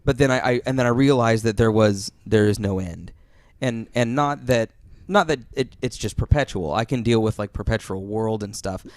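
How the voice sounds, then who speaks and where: Animated young man telling stories. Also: on the low side, normal speed, hardly any pauses, dry recording, studio quality. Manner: animated storytelling with many restarts. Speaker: podcast co-host. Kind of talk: casual chat.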